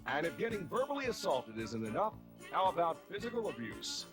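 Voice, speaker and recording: Guy narrating baseball bloopers, wry and jokey, voice bounces up and down, music loud behind. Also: a little high, very animated, brisk. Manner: wry, teasing.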